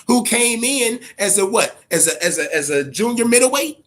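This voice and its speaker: A man hosting a boxing talk show, giving casual, profane commentary in an animated way, often repeating words and tagging on "man" and "all right?". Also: very high voice, normal speed. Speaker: boxing podcast host.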